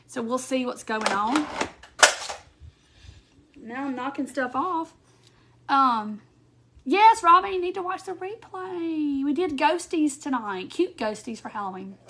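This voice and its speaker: A high-pitched woman hosts a casual live craft stream. She talks loosely to her viewers and breaks into giggles easily. The sound comes through a phone or webcam mic. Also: a bit bright. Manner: giggly, laughs often while talking. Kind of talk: casual live chat reading viewer comments.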